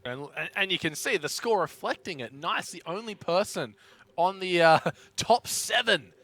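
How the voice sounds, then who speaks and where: A man casting a live esports tank match with energetic, playful play-by-play. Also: high-pitched, moderate pace. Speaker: esports caster.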